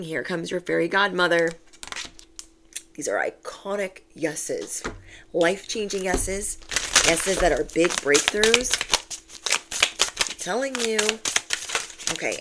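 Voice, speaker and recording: A woman giving a chatty, animated tarot reading to camera, repeating key phrases to reassure. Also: fairly low pitch, very noisy. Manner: chatty and animated, acts out quoted voices. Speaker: tarot reader.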